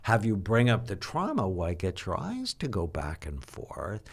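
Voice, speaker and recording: An older man, a psychiatrist, explaining and telling stories in an animated, teacherly way during an interview. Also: sits low, a little slow, gravelly, few pauses. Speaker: psychiatrist guest. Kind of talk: interview conversation.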